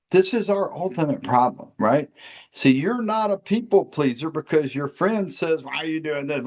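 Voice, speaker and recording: A man's voice: on the high side, a little mellow. A man co-hosting a recovery podcast, talking in an earnest, emphatic, preacherly way. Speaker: podcast co-host.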